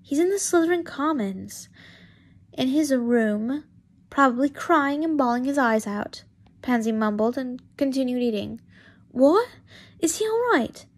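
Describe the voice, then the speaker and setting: A young woman casually reading fanfiction aloud, stumbling over words and restarting lines as she goes. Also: sits high. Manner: halting, stumbles and restarts often. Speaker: fanfiction reader.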